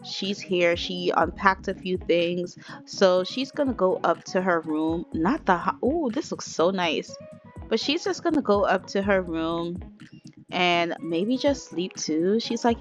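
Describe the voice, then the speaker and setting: A woman's voice: lowish voice, lively intonation, unhurried, faint music behind. A woman casually narrating a life-sim game story, chatty and talking straight to her viewers. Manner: chatty, addresses viewers as y'all.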